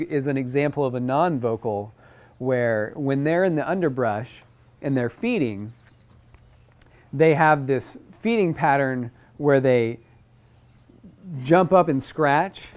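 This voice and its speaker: A man teaching a group about bird calls in a casual, animated way, sometimes mimicking bird chips. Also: mid-range voice. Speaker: outdoor naturalist instructor.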